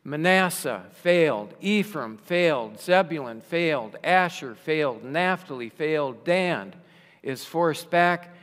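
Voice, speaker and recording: A man delivers a sermon at an unhurried, deliberate pace, pressing on key words and lifting his voice for rhetorical questions. His voice sits a little high for a man. The sound carries a long reverb, as in a large hall. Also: expressive, a bit bright. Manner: slow, emphatic, rising for rhetorical questions. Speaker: preacher.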